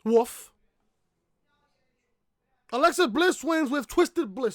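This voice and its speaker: A woman's voice: sits high, expressive, moderate pace, a bit bright, no room sound, clean studio sound. A woman reviewing a wrestling show in a blunt, profane rant, repeating herself and barking "woof" between points, on a laptop webcam mic. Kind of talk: profane ranting review vlog.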